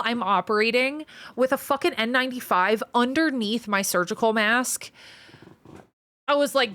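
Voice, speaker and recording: On a live stream, a woman who is training in surgery talks casually and reads viewer comments aloud, frank and profane and quick to let off steam. She has a rather high, fairly bright voice with no room sound.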